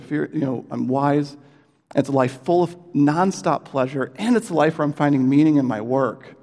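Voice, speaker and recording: A man's voice: fairly high pitch, a little mellow. Earnest man preaching in a reverberant hall. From United States. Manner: earnest, conversational, many fillers and restarts. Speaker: pastor. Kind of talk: sermon.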